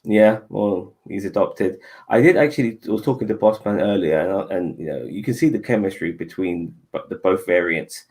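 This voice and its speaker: A man with a low, husky voice chats loosely with friends as a podcast co-host. He talks in an animated way, full of slang and swearing. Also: moderate pace, few pauses. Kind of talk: casual chat.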